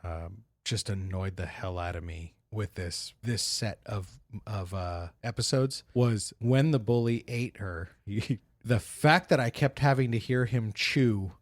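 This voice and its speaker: The podcast co-host speaks in a lowish voice with no echo, keeping the chat casual. He guides the topics but stumbles along, restarting often and leaning on fillers.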